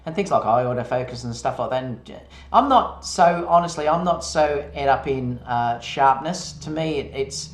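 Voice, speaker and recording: A man talks in a relaxed, rambling way and restarts his sentences often. He is a guest on a casual live-stream chat. His voice comes over a video call with a roomy echo. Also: mid-range voice, moderate pace. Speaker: guest photographer.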